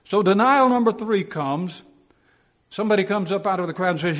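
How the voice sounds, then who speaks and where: A man teaches a Bible class in a plain, folksy way, acting out the quotes he tells. His voice sits somewhat high for a man. The sound trails off in the long reverb of a church hall. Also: measured pace, pauses often. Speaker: preacher.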